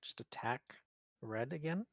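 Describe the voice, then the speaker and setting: A player talks through their turn slowly and hesitantly, leaning on lots of fillers. The pitch rises and falls expressively. The sound is close and dry. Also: lively intonation, dry recording. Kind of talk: casual tabletop play.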